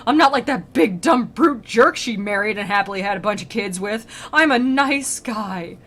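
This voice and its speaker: A woman's voice: medium pitch, animated, moderate pace, a bit bright. A woman putting on the voice of a lovesick, self-pitying male medieval poet, whiny and gushing.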